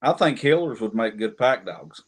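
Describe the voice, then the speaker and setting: Male regular on a chat stream, lowish voice, chimes in eagerly. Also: lively intonation, moderate pace, husky. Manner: chatty, chimes in with questions and opinions. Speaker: livestream regular. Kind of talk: casual chat.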